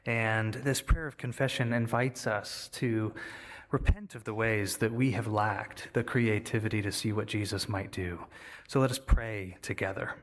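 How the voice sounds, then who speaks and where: A man, likely the pastor, introducing and leading a prayer of confession in measured tones. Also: fairly low pitch, fairly even intonation. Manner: measured liturgical reading.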